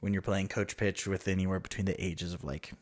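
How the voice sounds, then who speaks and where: A man in his thirties with a low, fairly quick voice co-hosts a podcast. In casual chat he tells a story with animation, quoting the people in it and doing their voices.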